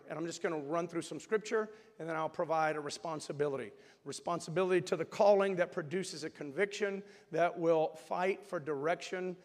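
A male pastor preaching a sermon in a church, moving from calm teaching to loud shouted calls to praise. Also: high voice, big-room sound. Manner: preaching, swings from quiet teaching to shouted exhortation. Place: church sanctuary.

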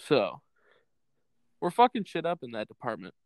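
A man's voice: medium pitch, huge pitch swings, normal speed, no room sound. A young man co-hosting a podcast, chatting casually and crudely, joking and laughing often. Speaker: podcast co-host. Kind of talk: casual chat.

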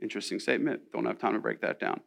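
A man preaching a sermon in a church, animated and conversational, with casual asides to the congregation. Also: on the low side, racing, vocal fry. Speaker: pastor.

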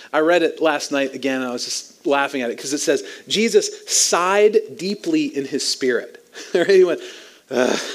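A man preaching a sermon as pastor, teaching in an animated way with light chuckles. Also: on the high side.

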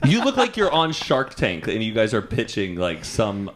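A man's voice: lowish voice, wildly swooping pitch, normal speed, a little hiss or hum. A man hosting a casual chat, asking questions and teasing his guests in a playful way. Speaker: host.

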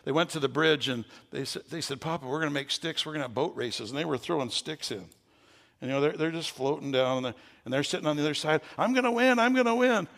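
An older man, a pastor with a gravelly voice, preaching a sermon with folksy stories that rise into fervent preaching. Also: mid-range voice, quick pace, a bit bright, big-room sound.

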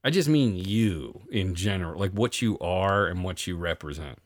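Brief: low-voiced male podcast co-host, lively swooping delivery, ranting and profane, dry close mic. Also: moderate pace, no echo. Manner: ranting, sarcastic, swears a lot. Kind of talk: profane casual chat.

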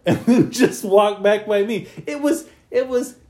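Laid-back man with a mellow voice. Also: high-pitched, unhurried. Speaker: podcast co-host. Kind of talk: casual chat.

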